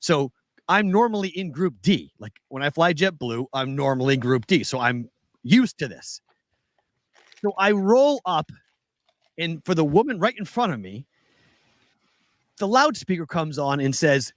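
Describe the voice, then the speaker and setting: A man's voice: fairly high pitch, sing-song, a little slow, pauses often, no room sound. A man co-hosting a casual chat show, telling a story with animation and acting out both sides of the conversation. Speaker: podcast co-host.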